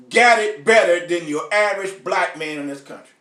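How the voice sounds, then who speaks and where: A man's voice: sits high, moderate pace, hardly any pauses, sharp tone, echoey room, distant mic. A man hosting a live online show, ranting bluntly and profanely to his viewers and calling out to them by name. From United States. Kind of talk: ranting live stream monologue.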